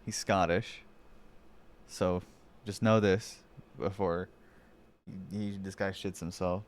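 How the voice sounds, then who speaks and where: An excitable man gives loose reaction commentary on a stream, swearing freely. His voice is on the low side. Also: takes it slowly, clean tone.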